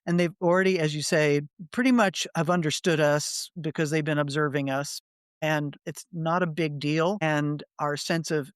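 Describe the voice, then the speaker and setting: A woman's voice: sits low, fairly even intonation, moderate pace, clean tone, no echo, studio quality. A woman hosting a reflective interview podcast, speaking thoughtfully in long, winding sentences. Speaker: podcast host.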